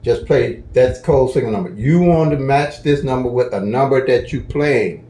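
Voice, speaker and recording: Folksy aave-speaking guy walking you through lottery picks, mellow low tone, kinda echoey room, keeps saying okay?. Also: animated, moderate pace. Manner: folksy, chatty, repeats "okay?" to check in. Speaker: lottery strategy teacher. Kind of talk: casual tutorial walkthrough.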